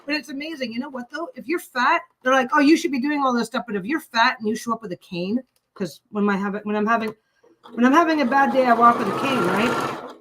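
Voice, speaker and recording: A woman's voice: fairly high pitch, a little fast, noisy background. A woman hosting a casual livestream while she sews, talking bluntly and swearing freely as she rants. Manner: blunt, profane, ranting. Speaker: livestream host. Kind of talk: casual chat while sewing.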